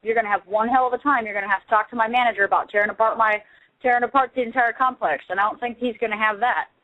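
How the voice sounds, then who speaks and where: A woman's voice: a little high, steady tone, very fast. Defiant woman caller on a tinny phone. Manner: defiant, emphatic. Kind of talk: phone-in talk.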